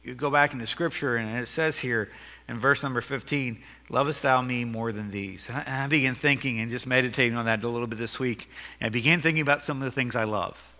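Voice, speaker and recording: A man's voice: medium pitch, a little fast, pushed and bright, long reverb tail. A man preaching a sermon as pastor, earnest and emphatic, with self-deprecating jokes.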